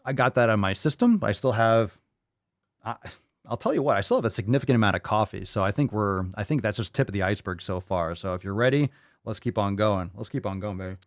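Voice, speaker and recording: A man hosting a fitness podcast, ranting loudly and swearing as he pushes listeners to act. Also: on the low side, animated, fast talker, no echo, clean studio sound. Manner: profane, loud, hyped rants. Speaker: podcast host.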